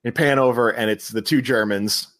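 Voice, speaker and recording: A man hosting a podcast, retelling a movie scene by scene in casual chat and laughing often. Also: medium pitch. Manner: animated retelling, puts on quick voices for quotes, laughs often. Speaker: podcast host.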